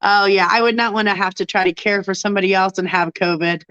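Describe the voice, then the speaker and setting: A woman's voice: medium pitch, fairly even intonation, fast, a bit bright, no room sound, lo-fi sound. A woman hosting a casual chat, congested and tired from illness, laughing often and reading out viewer comments. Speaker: host.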